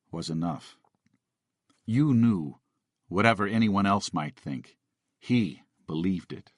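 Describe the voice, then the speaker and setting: Low-voiced male audiobook narrator. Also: no echo, studio quality. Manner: expressive storytelling.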